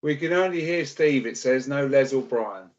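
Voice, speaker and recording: A man's voice: medium pitch, moderate pace, dull audio. A man appearing as a guest woodturner on a casual livestream, speaking in a dry, matter-of-fact way.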